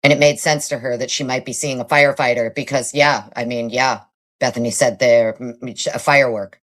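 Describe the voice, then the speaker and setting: A woman's voice: rumbling low, fairly even intonation, fairly quick. A woman hosting a live stream, giving blunt, casual commentary full of fillers and the odd swear word.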